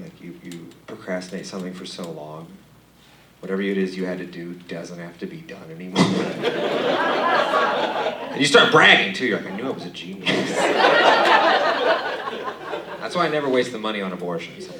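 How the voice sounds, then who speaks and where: Young man doing deadpan stand-up. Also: sits low. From Romania. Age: young adult. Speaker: stand-up comedian. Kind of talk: stand-up comedy set. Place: comedy club stage. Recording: echoey club recorded from a distance, loud noise. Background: audience laughter.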